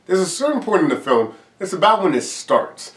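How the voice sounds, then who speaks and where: A man in casual conversation about a movie, chiming in with quick, profane agreement. His voice moves around with lively pitch and sits a bit high. It sounds roomy and a little distant from the mic. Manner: agreeable, profane, short reactions. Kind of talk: casual film chat. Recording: roomy echo, somewhat far from mic.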